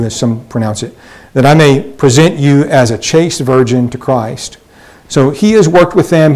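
A man's voice: mid-range voice, darkish tone, poor audio. Man teaching a Bible study, chatty. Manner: conversational, with frequent fillers and restarts.

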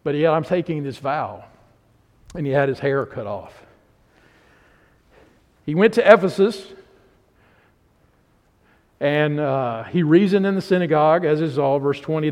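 A man's voice: fairly high pitch, a little mellow. A man teaching a Bible study class, retelling scripture conversationally with frequent restarts. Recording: reverberant hall.

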